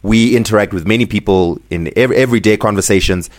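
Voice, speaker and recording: A man from Zimbabwe co-hosting a podcast, ranting in a casual, animated way and laughing often. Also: on the low side, quick pace. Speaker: podcast co-host.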